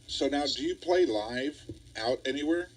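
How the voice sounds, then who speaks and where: A man's voice: medium pitch, normal speed, crowd noise, low-quality recording. A man hosting a radio interview show, enthusiastic and laughing along with his guest.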